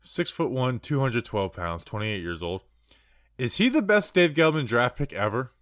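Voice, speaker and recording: A man's voice: medium pitch, big pitch swings, moderate pace, a bit bright, no room sound, studio quality. A man co-hosting a sports podcast, chatting casually and rambling through stats with plenty of restarts.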